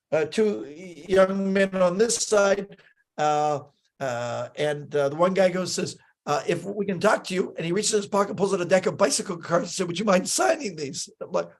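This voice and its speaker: A male magician swaps stories on a talk show in casual, anecdotal chat. His voice is high and animated, and he acts out quoted lines while filling his speech with fillers and restarts.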